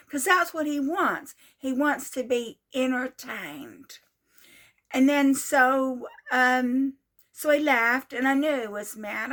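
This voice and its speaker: A woman in her sixties speaks with a high voice in a casual vlog monologue. She retells events in a repetitive, exasperated way, circling back to the same points. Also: a bit bright. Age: 60s. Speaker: vlogger.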